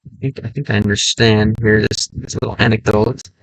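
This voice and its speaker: A man streaming a game, chatting casually and thinking aloud in a halting, self-correcting way. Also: fairly low pitch, fairly even intonation, no room sound, low-quality recording. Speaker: language-learning streamer. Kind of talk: casual livestream chat while gaming.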